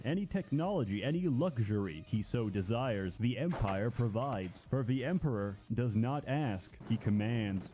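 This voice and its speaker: Male narrator with a mellow, low timbre and a sarcastic deadpan read, for comedic game commentary. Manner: dry, sardonic deadpan delivery.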